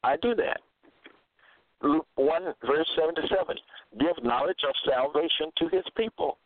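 A man's voice: fairly high pitch, normal speed, no room sound. Man preaching scripture over a tinny line. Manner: reads verses aloud, then repeats key phrases with emphasis. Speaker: self-styled religious teacher. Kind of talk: monologue reading and interpreting scripture. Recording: thin phone-like dry sound.

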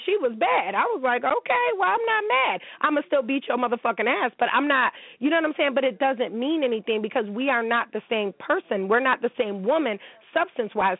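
A woman's voice: fairly high pitch, no room sound. Woman in her 40s, cussing and ranting on her show, dry sound, no room. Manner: blunt, profane, ranting. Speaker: show host. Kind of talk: casual monologue commentary. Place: at home. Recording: tinny phone-like line, dry.

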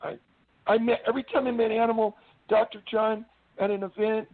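A man's voice: sits high, level tone, a little fast. A man talking as a guest in a casual chat, rambling through stories. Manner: rambling storyteller, does wrestler impressions. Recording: tinny phone-line sound.

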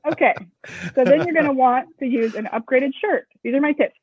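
A woman co-founder of a screen printing shop, talking briskly and casually in an interview, with joking asides. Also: high-pitched, breathy edge, no room sound. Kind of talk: casual explanatory interview talk. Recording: tinny phone-like audio, dry.

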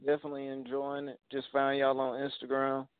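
A man from Alabama with an Alabama twang, a rapper guest talking casually in laid-back slang and giving shout-outs. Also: medium pitch, monotone, a little fast, clean tone, dry recording. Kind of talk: casual interview over a call. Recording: tinny phone-like call audio, dry.

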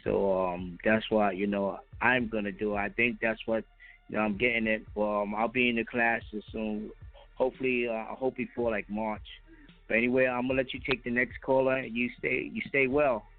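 A man calling in to a talk show, speaking haltingly with lots of fillers. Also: on the low side, steady tone. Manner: halting, many fillers and restarts. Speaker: caller. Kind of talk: casual phone call. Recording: dry phone line with faint music.

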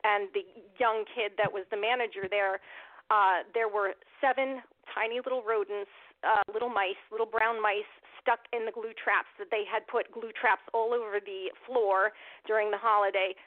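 A woman's voice: medium pitch, steady tone, moderate pace, no echo. Emotional woman on a tinny phone line. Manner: emotional, rambling, many fillers and restarts. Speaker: guest, animal rights activist. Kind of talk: telling a personal story in an interview.

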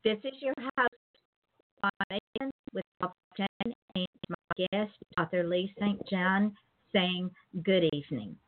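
A woman's voice: medium pitch, a little slow, a little hiss or hum. A woman with a Southern US accent hosting a casual talk show, chatty and emphatic, repeating words for emphasis. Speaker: host. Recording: phone-line call-in show audio.

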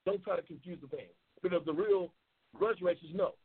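A talk show host from New York City talks loud and passionate, swears heavily, and reads out viewer comments on a live show. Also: male voice, high-pitched, a little fast, husky. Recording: tinny phone-like audio.

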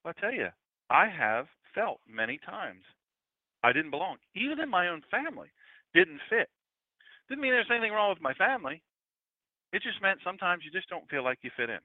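A man's voice: high voice, very animated, fairly quick, no room sound. A man in his fifties preaching a casual, conversational sermon and talking with his congregation. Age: 50s. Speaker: pastor. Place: church room with congregation. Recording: tinny phone-like sound.

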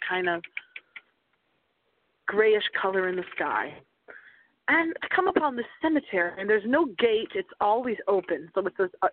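A woman hosts a late-night radio show in a theatrical, giggly, storytelling way. Her pitch swoops up and down as she talks. The sound is thin and tinny, as over a phone line. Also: a little hiss or hum.

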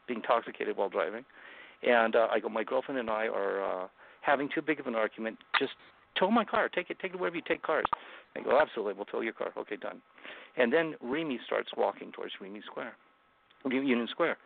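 Guest author, male, gravelly voice, earnest halting delivery, tinny call audio. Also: medium pitch. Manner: earnest, halting retelling with many restarts. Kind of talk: personal storytelling in an interview. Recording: phone-like remote call line.

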